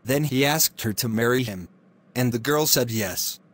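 A man narrating a classic fairy tale in a steady, clear reading voice. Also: mid-range voice, normal speed. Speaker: storyteller.

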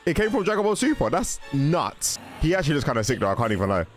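A young man giving a casual, excited reaction commentary, often exclaiming and cutting himself off mid-sentence. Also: a little high, fast talker, soft background music. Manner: exclaiming, self-interrupting, laughing. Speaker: reaction video host.

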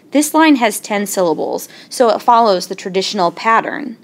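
A woman teaching a lesson in a clear, patient way, slowing down to sound out syllables. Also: medium pitch, lively intonation. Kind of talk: explaining a lesson.

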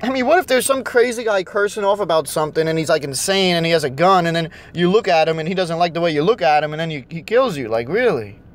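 A man's voice: a little high, expressive, fast, few pauses. A young man ranting and cursing nonstop while driving around and vlogging. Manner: angry, cursing constantly. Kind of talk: casual rant while driving. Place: in a car.

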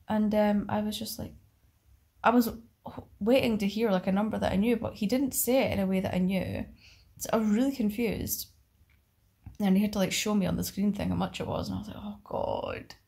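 A young woman tells a casual travel story with a rambling, self-mocking manner. She talks at an ordinary middle pitch and leans on filler words. The delivery is loose and unscripted. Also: a little mellow. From United Kingdom. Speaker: travel vlogger. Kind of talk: casual vlog chat.

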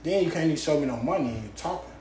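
A man's voice: on the high side, lively intonation, racing, a little mellow, reverberant, a little hiss or hum. A young man, ranting angrily and profanely at a rival, repeating street tags like "gang" and "on tape". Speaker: rapper ranting on a livestream. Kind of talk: angry ranting rant.

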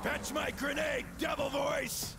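A man playing a brash, gruff soldier in a video game, barking gravelly battle taunts at zombies. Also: very high-pitched, little pitch movement, slow pace, heavily acted. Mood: taunting. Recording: game audio under loud music.

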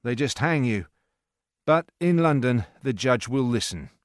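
A man voicing a bold male captain who speaks loudly, firmly and earnestly. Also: mid-range voice, animated, a little slow, no echo, clean studio sound, natural voice. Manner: loud, firm and earnest.

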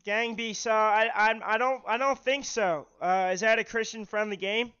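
A man hosting a call-in livestream, talking in a halting way and often repeating himself. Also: high voice, fairly even intonation, pushed and bright, clean tone, lo-fi sound. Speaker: livestream host taking callers.

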